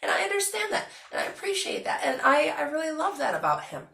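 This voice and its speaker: A young woman chatting casually to her vlog audience, animated and talkative with lots of fillers. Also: sits high, quick pace, vocal fry, roomy sound. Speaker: vlogger.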